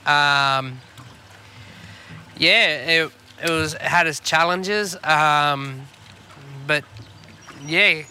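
Australian man, casual fishing podcast chat, very bright voice, slightly high, rambling, swears a lot, outdoors on a boat, faint background noise. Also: extremely slow, pauses often. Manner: laid-back, rambling, swears freely. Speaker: podcast co-host. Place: on a boat on the water.

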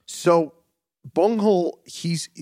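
A man's voice: sits high, slow pace, darkish tone, dry recording, clean studio sound. A man hosting a podcast in casual chat, rambling and swearing, with many "like"s. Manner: rambling and profane, full of "like". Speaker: podcast host.

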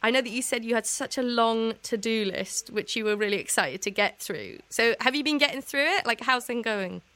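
A woman's voice: fairly high pitch, a little fast, sharp tone. A young woman from the UK hosting a casual radio chat and interview, talking with plenty of fillers and giggles, recorded at home under a blanket. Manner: chatty, giggly, lots of fillers. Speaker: radio show host.

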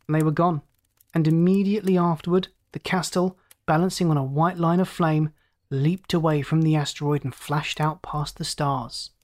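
Calm measured audiobook narrator. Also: mid-range voice. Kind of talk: audiobook reading.

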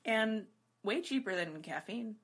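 A woman's voice: medium pitch, lively intonation, measured pace, husky. A woman co-hosting a casual chat, rambling and giggly, often breaking off mid-thought. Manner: rambling, self-interrupting, giggly. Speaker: podcast co-host.

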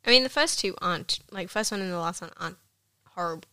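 A woman's voice: lowish voice, fast talker, bright, forceful tone, clean tone. A woman co-hosting a podcast, reacting wryly in casual banter. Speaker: podcast co-host.

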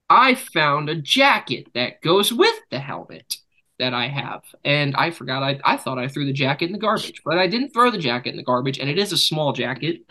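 A young man hosting a casual podcast, telling rambling jokey stories with sudden loud bursts. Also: fairly high pitch. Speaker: podcast host. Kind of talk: casual chat.

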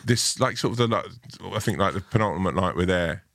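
A man's voice: deep voice, expressive, a little fast, a bit bright, no room sound, studio quality. A man chatting casually as a podcast guest, telling rambling anecdotes with many restarts and fillers. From family from Ireland. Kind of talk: casual chat, storytelling.

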